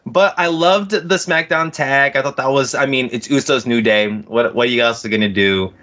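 A man's voice: mid-range voice, normal speed, sharp tone. A man appearing as a podcast guest, chatting with enthusiasm. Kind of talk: casual podcast chat.

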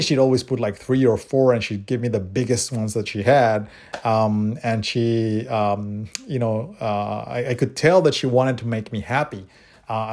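A man's voice: mid-range voice, a little mellow. A man telling casual anecdotes to camera in a rambling way, with many restarts and asides. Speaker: vlogger.

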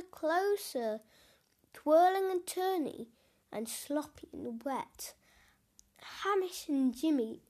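A woman hosting a storytelling corner, reading a children's storybook aloud in a gentle manner with small stumbles. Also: high voice. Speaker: storyteller and show host.

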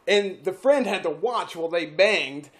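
A podcast co-host with a lively, rising-and-falling voice, chuckling as they fill in the details of a story. They agree readily and keep the banter going. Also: medium pitch, unhurried. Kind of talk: casual comedic chat.

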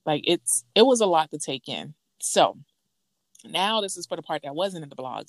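A woman in casual chat, telling a gossip story with lively acted-out quotes. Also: no echo. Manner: animated storytelling, acts out quotes in a higher voice.

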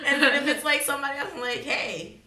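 A woman's voice: high voice, fairly even intonation, very fast, reverberant, crowd noise. A woman in a casual group chat, telling stories and acting out quotes with laughs. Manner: storytelling with quoted voices, laughing. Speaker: podcast guest.

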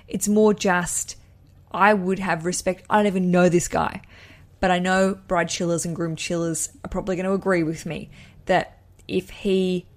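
A young Australian woman hosting a wedding podcast, giving a listener chatty, enthusiastic advice with rambling asides. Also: fairly low pitch. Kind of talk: casual advice chat.

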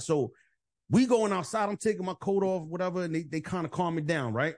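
A man hosting a podcast, telling a bar story in casual, profane, animated chat and acting out the voices of the people in it. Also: sits high, a little fast. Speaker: podcast host.

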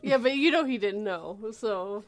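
A woman chatting casually on a stream, wry and relaxed. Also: mid-range voice, normal speed. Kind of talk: casual group chat.

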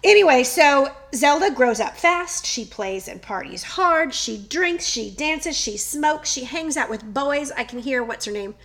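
In a casual podcast chat, a middle-aged co-host tells a story, laughing often. Her high-pitched, slightly bright voice is animated, a little slow, with few pauses.

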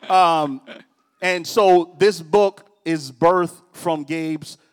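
A man's voice: on the high side, fairly even intonation, extremely slow, clean tone. A middle-aged man preaching a casual sermon, telling personal stories with teasing asides to the crowd. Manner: conversational, storytelling, teasing asides. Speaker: pastor. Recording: long hall reverb.

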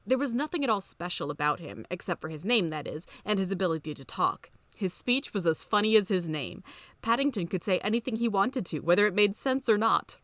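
Female storyteller, steady scripted read, dry booth sound, mid-range voice. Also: medium pitch, a little fast, no echo. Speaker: podcast reader.

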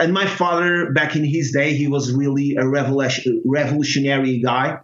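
A man from Portugal with a Portuguese accent, telling a personal story in casual talk, halting with many restarts and fillers. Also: a little high, steady tone. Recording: echoey, muffled room sound.

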